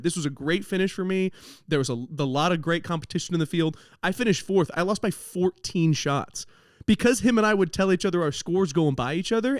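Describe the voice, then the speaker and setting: A podcast host and comedian rambles through funny stories and often laughs partway through a sentence. His voice sits a little high for a man. The recording is dry and close, with no room sound. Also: no echo. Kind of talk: comedic storytelling monologue.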